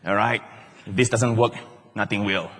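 A man voicing a sly, taunting male devil who accuses a believer, in a low, hushed, sneering tone. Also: fairly even intonation, normal speed, slight background noise, lightly acted. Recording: long church-hall reverb.

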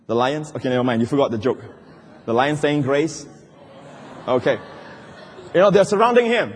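A man preaching a sermon as pastor, swinging from loud cries down to low, quiet asides. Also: animated, a little fast, long pauses, slightly rough. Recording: long hall reverb.

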